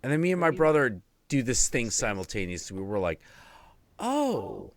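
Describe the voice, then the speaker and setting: A man in his thirties hosting a casual stream chat, telling stories in an animated, profane way. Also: medium pitch, quick pace, dry recording. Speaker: host.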